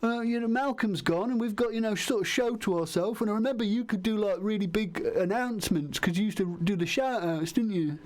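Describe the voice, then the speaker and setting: A man's voice: high voice, brisk, hardly any pauses, darkish tone. A man hosting a comedy radio bit, hesitant and rambling with many restarts. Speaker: radio show co-host character. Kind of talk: improvised comedy sketch.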